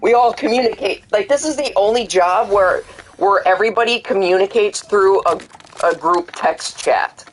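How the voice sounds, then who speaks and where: A man's voice: sits high, moderate pace, a little hiss or hum, rough recording. Rambling, cursing young man. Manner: rambling, profane, acts out quoted exchanges. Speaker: streamer. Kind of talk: casual chat while gaming.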